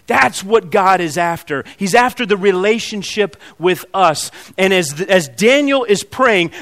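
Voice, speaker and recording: A pastor preaching a sermon, telling the story dramatically and swinging from loud emphasis to hushed lines. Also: male voice, high voice.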